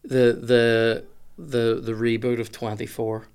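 A man who is a guest on a podcast, talking in halting casual chat, repeating words and swearing bluntly. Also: mid-range voice, flat delivery, a little mellow, clean tone.

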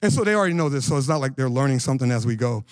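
A man in his forties preaching a lively conversational sermon as pastor, slangy and animated, asking the congregation questions. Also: medium pitch, very fast, no echo.

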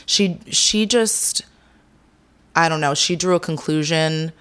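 A young adult woman speaking candidly as an interview guest, with many pauses and fillers. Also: deep voice, fairly bright tone, smooth. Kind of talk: casual interview.

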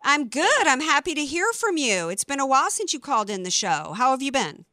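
A woman's voice: sits high, big pitch swings, fairly quick, sharp tone, no echo, clean studio sound. A woman hosting a political talk radio show, talking in a fired-up, emphatic way with many restarts.

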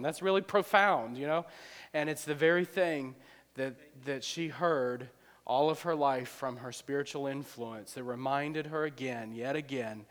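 A male pastor gives an enthusiastic preaching response in a church. He often repeats words as he goes, and his voice sits a little high. His speech carries a long, lingering reverb. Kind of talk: preaching commentary.

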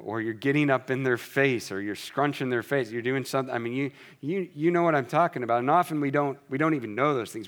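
A married man preaching a sermon, speaking earnestly and directly with quick repeated restarts. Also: medium pitch. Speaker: pastor.

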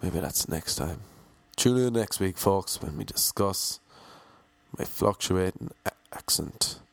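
An Irish man in a rambling comic monologue, deadpan and self-mocking, talking in a monotone. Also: low-pitched, slow, vocal fry, no room sound.

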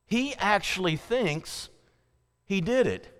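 A man's voice: high voice, animated, takes it slowly, fairly bright tone, smooth, long reverb tail. A man preaching a sermon earnestly, reading scripture aloud with emphasis. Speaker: pastor.

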